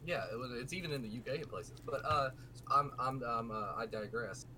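A man hosts a casual gaming podcast, his voice bright and forward, jumping between thoughts and restarting sentences. A faint hiss of noise sits under his mic. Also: medium pitch, brisk, poor audio. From American South. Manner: animated, digressive, restarts often. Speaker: podcast host.

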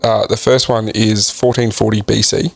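A man with a low, gravelly voice reads facts from a list in a relaxed podcast chat. He stops often with ums and restarts. The sound is dry and close, with faint music underneath. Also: moderate pace, dry recording. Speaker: podcast co-host. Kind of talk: casual chat.

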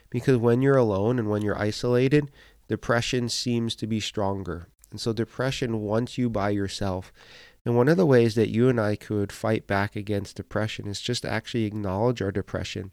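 A man's voice: lowish voice, a little mellow, no echo, clean studio sound. A middle-aged man giving an earnest, conversational devotional talk as host of a Christian podcast, repeating phrases and using fillers.

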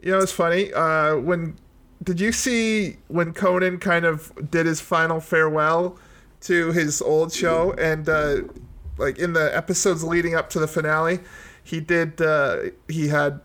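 A man's voice: on the high side, steady tone, unhurried, a bit bright. A man co-hosting a music podcast, talking casually with many likes and restarts. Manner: rambling, lots of fillers and restarts. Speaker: podcast co-host. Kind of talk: casual chat.

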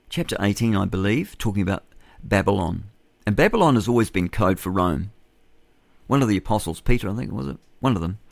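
Lower-voiced New Zealand radio host. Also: male voice, vocal fry, no echo. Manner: rambling and forthright, with chuckles and self-corrections. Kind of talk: opinionated talk radio monologue.

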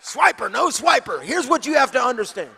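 A man preaching a sermon, moving from hushed asides to shouted, passionate lines. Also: very high-pitched, sing-song, brisk, vocal fry, slightly rough. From Texas. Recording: long hall reverb.

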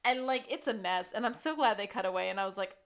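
A woman's voice: mid-range voice, fast, a bit bright. A woman co-hosting a podcast, chatting casually about a TV episode, laughing often and adding playful asides. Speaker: podcast co-host. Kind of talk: casual recap chat.

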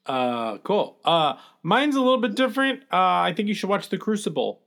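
A man's voice: sits high, big pitch swings, moderate pace, fairly bright tone. A man co-hosting a casual podcast chat, hesitant and full of fillers and restarts. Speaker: podcast co-host.

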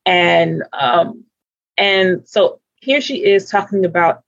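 An earnest panel speaker with a husky, breathy voice, thinking aloud and circling back to restart sentences. The recording is dry, close, and a bit muffled and lo-fi. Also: mid-range voice, slow, fairly bright tone, no echo. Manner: earnest, searching for words, frequent restarts. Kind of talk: unscripted panel discussion. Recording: dull lo-fi recording.

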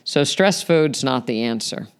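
A man's voice: medium pitch, lively intonation, a little slow, clear, resonant tone. A man hosting a podcast, explaining health topics in a conversational way with frequent fillers. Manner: explanatory, conversational, many "you know" fillers. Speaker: podcast host. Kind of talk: solo health podcast talk.

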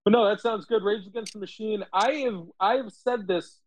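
A man with a slightly high voice leads a relaxed chat among friends. He tells stories with energy and slips into the voices of the people he quotes. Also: fairly quick, rough recording. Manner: animated storyteller acting out quotes. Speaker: host. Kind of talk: casual chat.

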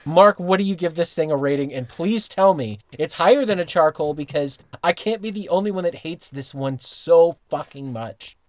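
A man's voice: on the high side, moderate pace, few pauses, darkish tone, no echo. A man co-hosting a podcast, chatting casually about a cartoon and ranting emphatically with heavy swearing. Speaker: podcast co-host. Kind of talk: casual chat reviewing a cartoon episode.

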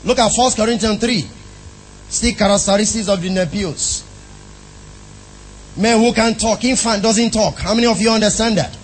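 A man's voice: high voice, a little hiss or hum, rough recording. A man preaching a sermon in an emphatic style, often asking the congregation questions.

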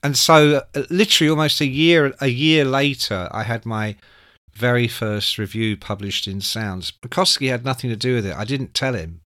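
In a mid-range voice at an even pace, a male music writer in his sixties tells a lengthy anecdote as an interview guest. He voices the other characters' words himself, swears a lot, and keeps the storytelling lively and casual.

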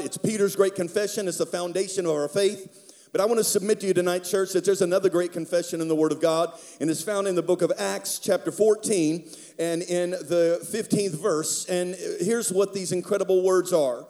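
Man, pastor, sermon, conversational, humorous, high voice, mellow tone. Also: brisk. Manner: conversational preaching with humor, leads prayer.

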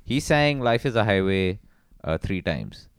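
A man's voice: on the low side, very animated, a little slow, slight background noise. A man co-hosting a podcast, teasing his friend in crude, joking banter. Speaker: podcast co-host. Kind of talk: casual chat.

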